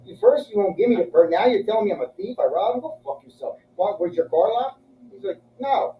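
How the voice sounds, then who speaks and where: A man's voice: sits high, a little hiss or hum. Profane man telling stories, echoey. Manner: crude, profane, acts out voices in his stories. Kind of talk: casual storytelling chat. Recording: echoey, muffled room from a distance.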